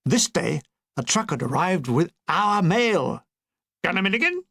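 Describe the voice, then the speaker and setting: A man's voice: a little high, expressive, takes it slowly, creaky, a bit bright, breathy edge. An older man reading his own war memoir aloud, with dry comic timing. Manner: dry comic delivery with brief put-on voices. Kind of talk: audiobook narration.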